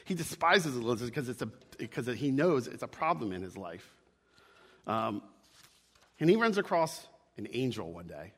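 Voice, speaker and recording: A man's voice: mid-range voice, breathy edge, in a large hall. A man preaching a sermon, emphatic, repeating his key lines and checking in with "right?". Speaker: pastor.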